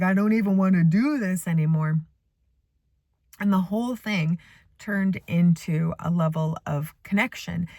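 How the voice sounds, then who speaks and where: A middle-aged woman, a spiritual coach, telling stories to a phone camera from her parked car in a lively, playful way. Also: lowish voice, no echo. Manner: animated storytelling with playful asides. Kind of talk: casual motivational talk to camera.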